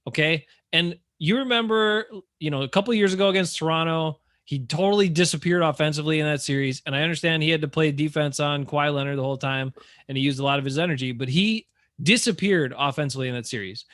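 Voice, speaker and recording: Man, fairly high voice, bright, dry close sound, exasperated sports rant. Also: fast talker, no echo. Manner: animated, exasperated ranting. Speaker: podcast co-host. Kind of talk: casual sports talk.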